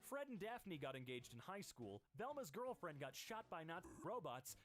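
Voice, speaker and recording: A man reading internet posts aloud for comedy, switching voices quickly between posters. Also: fairly high pitch, big pitch swings, a bit bright, faint music behind. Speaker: host.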